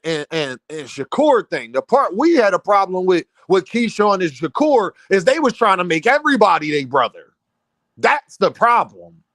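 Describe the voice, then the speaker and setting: A man hosting a casual boxing commentary stream, heated and animated, often repeating himself and breaking into near-shouts. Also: high-pitched, dry recording. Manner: many restarts and repeated fillers.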